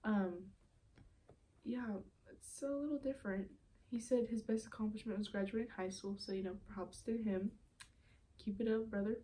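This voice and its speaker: Chatty young woman with a mellow voice. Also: fairly high pitch, fairly even intonation, normal speed. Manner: chatty, exasperated, heavy use of "like". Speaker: vlogger. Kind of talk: casual storytime vlog.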